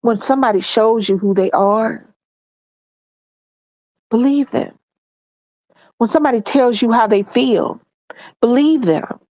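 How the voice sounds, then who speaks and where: A woman's voice: on the high side, normal speed, a little mellow, no room sound, lo-fi sound. A congested woman giving relationship advice in a folksy, preachy monologue, calling her listeners y'all and baby.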